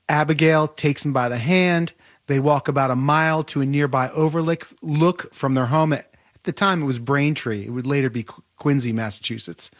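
A man being interviewed as an author, telling a historical story in vivid, detailed bursts. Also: medium pitch. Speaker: author guest. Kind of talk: podcast interview.

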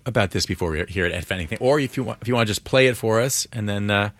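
A man's voice: fairly low pitch, racing, a bit bright, no echo. A man hosting an interview, asking questions hesitantly with restarts. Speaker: interviewer host.

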